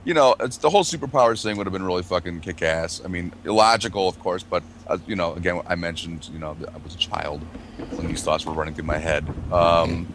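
A man's voice: sits low, fairly quick, background noise. A man telling profane, laughing stories in a casual chat among friends. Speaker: podcast regular.

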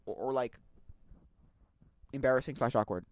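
A man hosting a podcast, chatting casually in a rambling, excitable way, laughing often and acting out quotes. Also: medium pitch, fairly quick, long pauses, dry recording. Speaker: podcast host. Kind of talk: casual solo chat. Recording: dull lo-fi sound.

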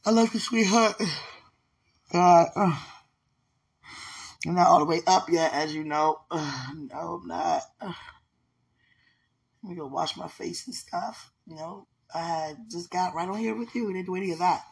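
A woman's voice: fairly low pitch, unhurried, creaky, long pauses, slightly rough. A woman in an intimate, casual call with her partner, affectionate and laughing often as she talks about faith.

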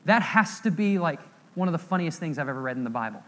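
A young man preaching a sermon in church, telling stories and acting out scenes with lively emphasis. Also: on the high side, quick pace, long reverb tail. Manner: animated storytelling, acting out quoted scenes with raised voice. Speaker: pastor.

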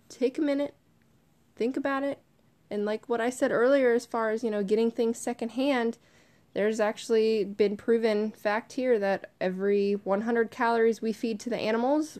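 A young woman hosting a casual solo podcast, talking to listeners in a chatty, animated way and swearing now and then. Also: medium pitch. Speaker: podcast host.

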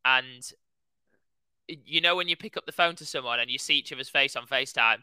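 A young man recounts a race to his podcast co-hosts, full of loose filler words and excited asides. His voice is strikingly bright and clean, and the close mic leaves almost no room sound. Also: mid-range voice, brisk, clear, resonant tone, dry recording, poor audio. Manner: animated storytelling, heavy use of "like". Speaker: podcast co-host, runner. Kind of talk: casual chat.

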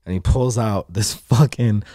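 Profane, animated man telling a story. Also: on the low side, unhurried, no room sound, clean studio sound. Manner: profane, animated storyteller acting out quoted voices. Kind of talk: casual storytelling chat.

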